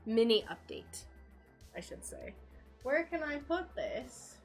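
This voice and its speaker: A woman's voice: sits high, wildly swooping pitch, takes it slowly, soft background music. A woman chatting casually on a livestream while she crafts stained glass in her home workshop. She laughs often and talks to herself as she works.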